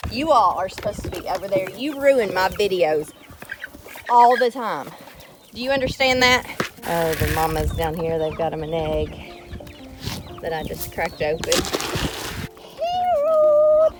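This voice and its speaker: A woman with a lowish voice, speaking at a normal pace, chats casually in a farm vlog, talking to her animals and teasing them. She's outdoors in a noisy farmyard with chickens and goats, with clucking chickens in the background.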